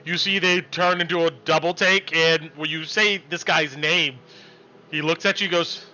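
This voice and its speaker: Bright-voiced man running a tabletop game. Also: a little high, normal speed. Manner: relaxed, loose with fillers. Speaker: game master. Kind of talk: narrating a tabletop game on a live stream. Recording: muffled stream audio, faint music.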